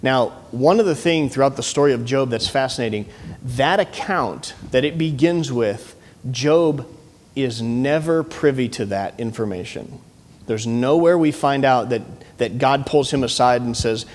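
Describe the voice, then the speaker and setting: Earnest pastor preaching in a reverberant hall. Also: male voice, medium pitch, measured pace, darkish tone. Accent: Midwestern American. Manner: earnest teaching tone, frequent restarts. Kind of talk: sermon. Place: church sanctuary. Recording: long church hall reverb.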